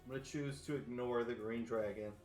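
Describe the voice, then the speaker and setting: A man's voice: medium pitch, steady tone, fairly quick, a little mellow, reverberant, soft background music. A man playing a tabletop game over a voice call, brash and joking, swearing now and then. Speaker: player. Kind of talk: casual game chat. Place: online voice call.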